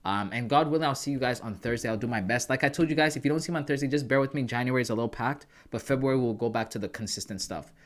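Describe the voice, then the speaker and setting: A man's voice: mid-range voice, racing, hardly any pauses. A man from Canada hosting a trading livestream, chatting casually and calling viewers "bro" and "guys".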